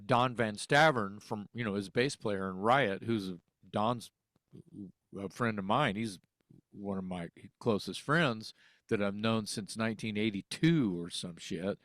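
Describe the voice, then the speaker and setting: A man's voice: lowish voice, takes it slowly, a bit bright, no echo, clean studio sound. A man who sings and teaches music, from Texas, telling a story in casual conversation, acting out phone calls and swearing freely. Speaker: interview guest, singer.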